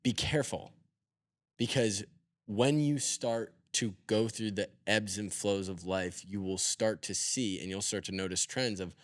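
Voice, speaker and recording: A man hosting a podcast, talking in a thoughtful, halting way with many restarts. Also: lowish voice, no room sound, studio quality. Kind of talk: conversational podcast interview.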